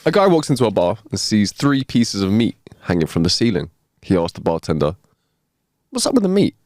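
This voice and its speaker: A man's voice: deep voice, very animated, a little fast, a little mellow, no echo. A man co-hosting a comedy podcast, laid-back and wry as he tells a joke. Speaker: podcast co-host. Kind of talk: casual comedy chat.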